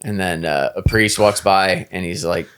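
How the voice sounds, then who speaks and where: A man's voice: sits low, normal speed, smooth. A man hosting a podcast, chatting casually and acting out the people in his stories. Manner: animated storyteller, acts out voices. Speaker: podcast host. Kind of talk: casual interview talk.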